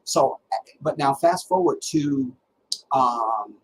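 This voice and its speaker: A middle-aged man with a voice of ordinary pitch, hosting his own livestream and telling stories from his life. He talks in an animated, dramatic way and often stops and restarts a thought. Faint noise sits under his voice. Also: slow pace, low-quality recording. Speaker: livestream host. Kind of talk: casual personal storytelling.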